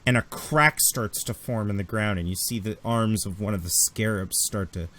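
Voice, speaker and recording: A man narrating a tabletop role-playing game as game master, unhurried and halting. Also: fairly low pitch, fairly bright tone.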